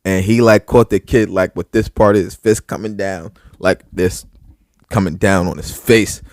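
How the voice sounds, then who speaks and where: Man, podcast co-host, casual profane storytelling, lots of filler words, lowish voice, dry close sound. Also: moderate pace, no echo. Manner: heavy filler words, profane, animated retelling.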